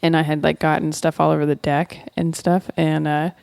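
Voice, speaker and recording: Gravelly-voiced woman chatting on a podcast. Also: deep voice, level tone, moderate pace, a little mellow, no room sound. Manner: filler-heavy, teasing storytelling. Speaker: podcast co-host. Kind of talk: casual chat.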